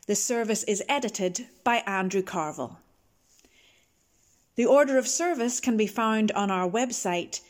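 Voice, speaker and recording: A woman, a minister leading a communion service and prayers in a measured, gentle manner. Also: medium pitch.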